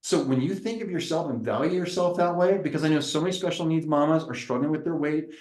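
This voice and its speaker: A man, a chiropractor, giving an energetic, preacher-like seminar presentation. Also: on the high side, fast talker, echoey room, poor audio. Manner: lively, preacherly, acts out little dialogues.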